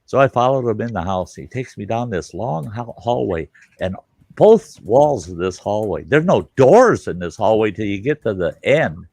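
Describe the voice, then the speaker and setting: A man's voice: lowish voice, sing-song, moderate pace, darkish tone, husky, no room sound. A middle-aged man, hosting a livestream chat and telling a long story, acting out the voices and swearing freely. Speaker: livestream host.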